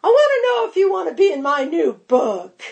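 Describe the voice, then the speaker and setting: Woman putting on a grand old lady chef voice, way up high, bossy and gushy, all dearie this dearie that. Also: very animated, brisk, gravelly, a little mellow, full character voice. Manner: high warbling exclamations, calls everyone dearie. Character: famous elderly woman chef, gushing and bossy. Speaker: impression within an anecdote.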